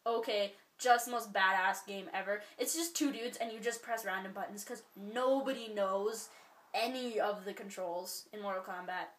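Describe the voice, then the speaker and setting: A woman's voice: mid-range voice, normal speed, a bit bright. Rambling, giggly Canadian woman vlogger. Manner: rambling, full of likes and ums, giggly. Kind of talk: casual chat. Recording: roomy echo.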